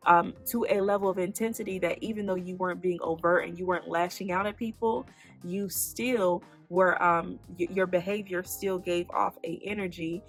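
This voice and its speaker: Animated woman giving faith-based advice. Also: on the low side. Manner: animated, teaching, asks the listener questions then answers them. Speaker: podcast host. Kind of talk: faith-based self-help talk.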